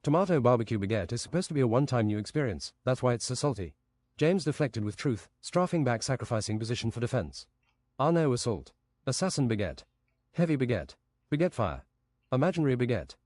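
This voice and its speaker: A male streamer reading out a long list of absurd phrases in a deadpan, rhythmic way, close to a desk microphone. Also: mid-range voice, quick pace, no echo.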